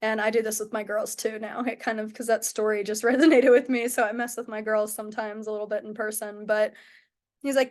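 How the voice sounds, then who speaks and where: A young woman who coaches softball pitching, telling stories in a chatty way with many "like"s. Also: steady tone, fairly quick. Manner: chatty, lots of "like" and "oh my goodness". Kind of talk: casual coaching talk with storytelling.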